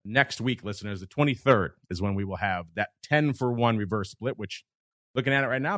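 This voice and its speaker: A man's voice: medium pitch, expressive, fairly quick, fairly bright tone, dry recording, clean studio sound. A man hosting a casual markets podcast, joking and talking straight to the listeners. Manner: jokey, upbeat, addresses listeners. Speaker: podcast host. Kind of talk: casual market talk show.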